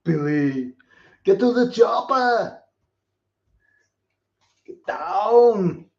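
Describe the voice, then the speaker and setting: A man doing an impression of a gruff male action-movie hero who barks short commands in a put-on accent, on a dull lo-fi live stream. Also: on the high side, very animated, extremely slow, dark tone, roomy sound, distant mic, exaggerated voice. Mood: barking.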